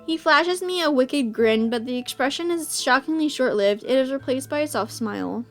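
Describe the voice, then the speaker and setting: High-voiced woman reading a visual novel. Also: moderate pace, soft background music. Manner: emotional, bursts into excited reactions.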